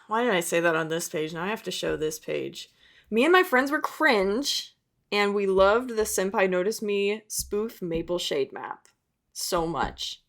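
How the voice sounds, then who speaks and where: A woman's voice: mid-range voice, animated, a little slow, fairly bright tone. A young woman narrating a casual sketchbook tour, chatty and self-mocking, laughing at her old drawings. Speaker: art vlogger.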